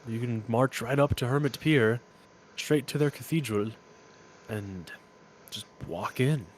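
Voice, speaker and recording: A man as game master voicing a formal male former council member who advises the heroes in a measured, solemn way. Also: mid-range voice, slight background noise, close to an everyday voice. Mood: explaining.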